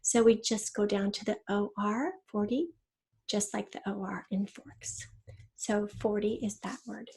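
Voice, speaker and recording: A woman's voice: mid-range voice, steady tone, measured pace, darkish tone. A woman teacher giving a recorded spelling lesson to young children, walking through each rule step by step and stretching out the words she wants spelled. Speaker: third grade teacher.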